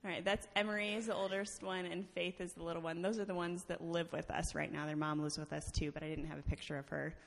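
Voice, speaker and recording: Fast and gravelly, with a level tone, a low-ish voice and hardly any pauses, a woman shares her testimony before a church congregation. She tells it in a chatty way, laughing often and using many fillers, amid the long reverb of a large sanctuary.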